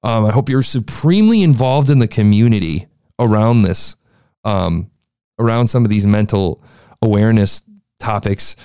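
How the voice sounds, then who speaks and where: A young man talks through a podcast review in a loose, chatty way, often restarting his sentences. His voice is gravelly and dark. The sound is dry and close. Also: lowish voice, moderate pace, dry recording. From United States. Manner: chatty, frequent restarts and fillers. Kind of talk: casual critique commentary.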